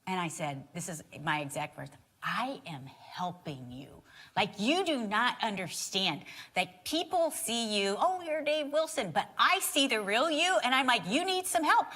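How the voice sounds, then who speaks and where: A woman speaking on a church stage, with a bright voice whose pitch swoops widely. She tells an expressive story and acts out the quotes as she goes. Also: moderate pace, hardly any pauses. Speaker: co-teacher on marriage with her husband. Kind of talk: live sermon storytelling. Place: church stage before a live audience.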